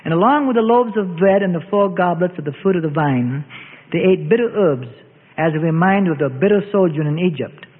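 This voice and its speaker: A man tells a Bible story in a solemn, old-fashioned storytelling voice. His voice sits high and moves a lot, with a husky edge. It comes through thin and phone-like, with a long reverb. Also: expressive, a little fast. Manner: solemn storytelling with archaic phrasing. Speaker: narrator. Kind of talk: dramatic scripted Bible story narration.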